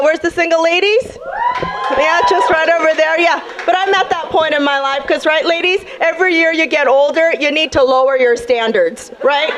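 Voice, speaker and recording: A young woman doing a brash, sassy stand-up set on a comedy club stage, talking straight to the crowd. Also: very high-pitched.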